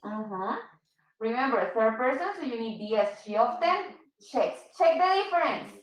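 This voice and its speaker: Woman, English teacher, patient, high voice, echoey room. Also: expressive, moderate pace, far from the mic. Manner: patient, switches to Spanish to explain. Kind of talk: online English class.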